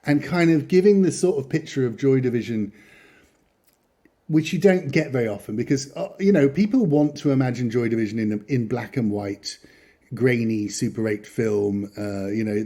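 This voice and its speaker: A man's voice: mid-range voice, moderate pace, warm tone. A man hosting a podcast in casual chat, rambling and chatty, often chuckling as he talks. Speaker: podcast host.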